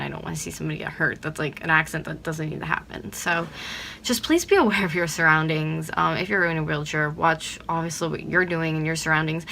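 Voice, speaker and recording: A woman's voice: low voice, gravelly, pushed and bright, a little hiss or hum. A young woman from Pennsylvania ranting to her viewers on a vlog, blunt and swearing freely, with lots of "like". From Pennsylvania, USA. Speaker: vlogger.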